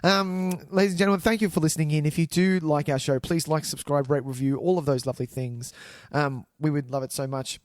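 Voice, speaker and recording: A man's voice: a little high, a little mellow, dry recording, clean studio sound. A man co-hosting a movie podcast, chatting casually and running the easygoing sign-off. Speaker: podcast co-host. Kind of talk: casual chat about movies.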